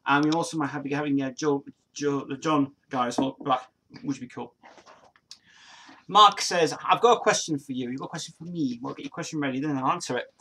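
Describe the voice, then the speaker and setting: Reading viewer comments on a casual livestream, a Nottingham man in his forties speaks with an East Midlands accent in a fairly high, sharp voice at a brisk pace. The talk rambles, full of restarts, fillers and frequent laughter, over a little hiss or hum.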